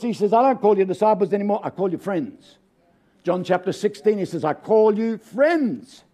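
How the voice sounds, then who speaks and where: An older man with an Australian accent preaches as a guest speaker, mixing homely stories with humor. His voice sits high for a man yet sounds warm and mellow. He keeps asking the congregation for an amen. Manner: folksy, humorous, calls out for amens. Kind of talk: sermon with storytelling.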